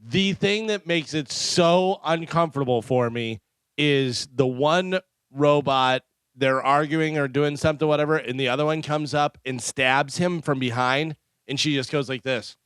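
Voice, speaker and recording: A man's voice: a little high, unhurried, fairly bright tone, clear, resonant tone, dry recording. A man on a radio show in casual banter, playful and full of what-if questions. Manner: playful, asks what-if questions, acts out scenes. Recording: dry studio sound.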